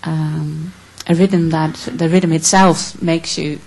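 A woman from the Netherlands asking a question from the floor, earnest, emotional and halting. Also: low voice, flat delivery, creaky, darkish tone, slightly rough, low-quality recording. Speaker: audience questioner.

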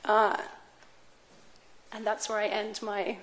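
A woman giving an academic talk in a lecture room, measured and careful with some fillers and restarts. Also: mid-range voice, completely flat delivery, fairly bright tone. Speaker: speaker on space law.

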